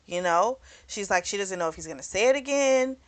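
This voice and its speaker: A woman's voice: medium pitch, animated, a little fast. A woman vlogger recapping a novel in a loose, chatty way, full of "you know" and "like", with the odd curse word. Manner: chatty, loose and frank, with frequent "you know" and "like" and some cursing. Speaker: book club vlogger. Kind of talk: casual spoken book recap.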